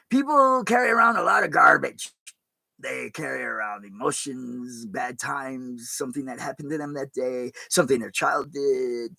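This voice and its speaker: A pastor talks to his viewers in a loose, rambling sermon, cursing mildly now and then. His voice is gravelly and bright, a little higher than most men's. It sounds close and dry. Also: no echo, rough recording. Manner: rambling, plain-spoken, mild cursing. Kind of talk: casual streamed sermon talk.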